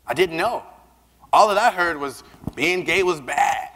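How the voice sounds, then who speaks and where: A man's voice: a little high, unhurried. Man speaking in an echoing hall. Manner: lively storytelling, acting out dialogue. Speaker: keynote speaker. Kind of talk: storytelling speech to an audience. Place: large conference hall. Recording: long reverb of a big hall.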